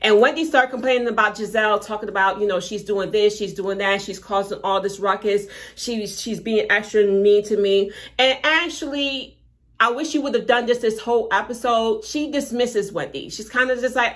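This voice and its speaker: A woman's voice: medium pitch, normal speed, fairly bright tone. A woman hosting a casual live-stream recap of a reality show, chatty and self-correcting, with frequent fillers.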